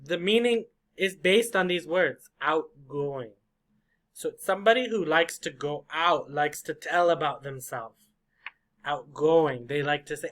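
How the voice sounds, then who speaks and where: A man teaching an English vocabulary lesson, slowly repeating and drilling each word for learners. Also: on the high side, fairly bright tone. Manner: slow, repetitive drilling of words.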